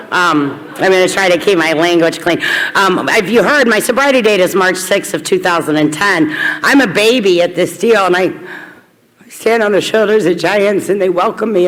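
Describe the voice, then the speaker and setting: Speaking to a crowd at a recovery meeting, a middle-aged woman from Kentucky shares her personal testimony with candor, bluntness and self-deprecating humor. Her voice is mid-range with a fairly bright tone, and the recording picks up a little hiss or hum along with the hall's long echo.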